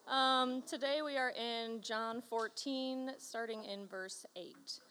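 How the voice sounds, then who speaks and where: A woman's voice: a little high, steady tone, takes it slowly, fairly bright tone, slight background noise. Woman reading scripture aloud. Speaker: scripture reader.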